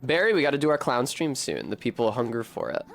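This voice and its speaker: A man's voice: mid-range voice, big pitch swings, fast talker. A man giving casual, wry commentary as he streams a video game, swearing freely and chatting with his viewers. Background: game music.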